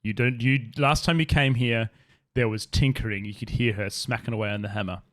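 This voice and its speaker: A man's voice: medium pitch, fairly even intonation, fairly quick, a bit bright. A man running a tabletop game as game master, narrating casually with loose restarts.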